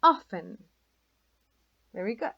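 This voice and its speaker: A woman's voice: medium pitch, sing-song, breathy edge, highs cut off. A woman teaching English as a recorded online lesson, speaking English, patient and often checking in with the class. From Latin America. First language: Spanish. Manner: slow, patient, checks in with "right?" and "okay?".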